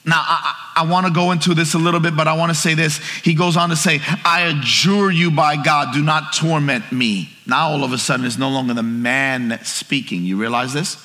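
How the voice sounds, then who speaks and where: A man preaching a sermon to his church, swinging from shouted lines to hushed ones. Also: on the high side, flat delivery, fast talker, few pauses, big-room sound. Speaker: pastor. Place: church hall with congregation.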